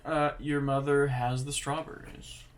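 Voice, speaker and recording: A young man thinking aloud as he practices a language lesson, sounding out foreign words haltingly. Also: mid-range voice, little pitch movement. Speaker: language learner.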